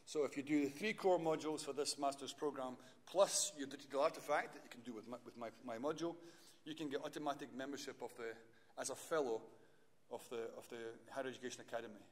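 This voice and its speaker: A man's voice: medium pitch, fast talker, in a large hall. A man, a university lecturer giving a chatty, rambling talk and often correcting himself. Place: lecture hall.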